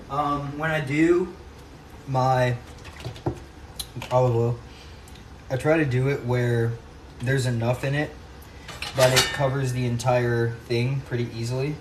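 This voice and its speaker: In a casual cooking vlog, a man cooks in his home kitchen and talks to camera, thinking aloud in an unhurried medium-pitched voice broken by long pauses. Kitchen noise fills the roomy, distant-sounding audio.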